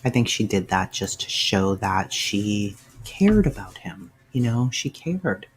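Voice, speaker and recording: A man's voice: lowish voice, big pitch swings, a little slow. A man hosting a casual livestream, answering viewers' chat by name and sounding emotional and sighing as he talks. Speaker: livestream host.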